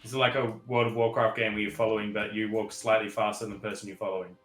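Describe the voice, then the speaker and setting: A man's voice: fairly low pitch, level tone, fast, a bit bright, echoey room, soft background music. A man with an Australian accent, a joking player in a tabletop game. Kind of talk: casual chat at a tabletop game.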